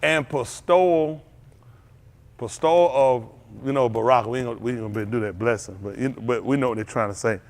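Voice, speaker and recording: A middle-aged man, preaching an animated sermon as pastor, laughing and calling out to the congregation. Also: on the low side, racing, few pauses. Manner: animated preaching with laughs and audience call-outs.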